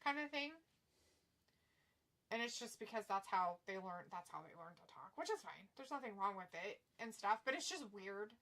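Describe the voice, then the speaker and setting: A woman's voice: mid-range voice, expressive, moderate pace, fairly bright tone. A woman co-hosting a live watch-along stream, chatting bluntly and reading chat messages aloud.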